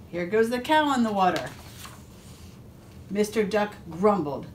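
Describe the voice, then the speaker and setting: A woman police officer reading a picture book aloud to a first grade class, expressive and adding asides to the children. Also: mid-range voice, unhurried, pauses often, a little hiss or hum.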